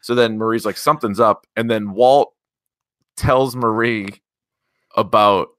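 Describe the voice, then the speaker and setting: A man's voice: on the low side, slow, clear, resonant tone, no room sound, clean studio sound. A man hosting a podcast, recapping TV episodes in a rambling, casual way with lots of fillers. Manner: rambling, filler-heavy, animated retelling. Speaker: radio host and podcast co-host.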